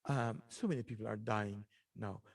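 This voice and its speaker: A man's voice: on the low side, moderate pace, creaky, no echo, poor audio. A middle-aged man hosting a talk show, giving earnest, repetitive advice with many filler ums. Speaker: radio show host.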